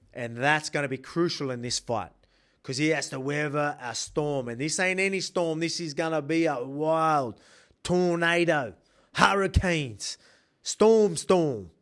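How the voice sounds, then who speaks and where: An Australian man in his thirties talks through a fight in a loose, rambling way, hammering his points home with emphasis. His voice sits a little high for a man. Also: a bit bright. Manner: emphatic and rambling, with many restarts. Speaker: professional fighter breaking down a bout. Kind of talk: casual fight analysis.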